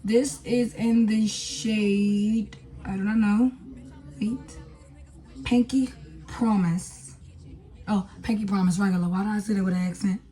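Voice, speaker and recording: A woman's voice: mid-range voice, little pitch movement, moderate pace, hardly any pauses, mellow, faint music behind. A young woman chatting casually through a makeup tutorial, talking to viewers with lots of fillers as she works. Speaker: beauty vlogger.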